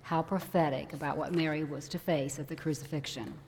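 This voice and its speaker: A woman minister giving a conversational sermon, growing animated when she acts out a worried parent. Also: deep voice, fairly quick, a little hiss or hum. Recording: long hall reverb.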